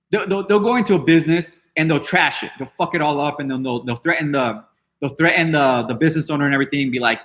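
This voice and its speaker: Brash profane man with a high voice. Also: fast. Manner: brash and profane, swears freely; dismissive and defiant. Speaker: podcast host. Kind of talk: casual unscripted rant.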